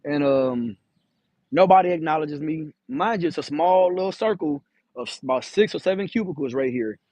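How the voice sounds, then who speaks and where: A man's voice: a little high, normal speed, a little mellow, no room sound. A man, a truck driver telling a story in a casual vlog, talking candidly with some swearing and acting out the voices of the people in it. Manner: candid, profane, acts out quoted dialogue.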